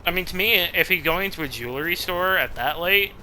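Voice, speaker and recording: A man's voice: sits high, expressive, a little fast, sharp tone, slight background noise. Cursing young man streaming a game. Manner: swears a lot, laughs at his own jokes. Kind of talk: casual gameplay commentary.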